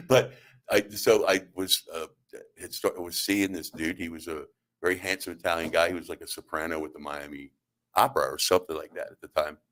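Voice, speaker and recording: A middle-aged man with a very deep, low-pitched voice hosts a talk radio show from the studio. He tells comic stories in a rambling, halting way and keeps acting out the other people's lines. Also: steady tone, a bit bright. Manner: rambling, halting, with acted-out quotes. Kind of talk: comedic storytelling on talk radio.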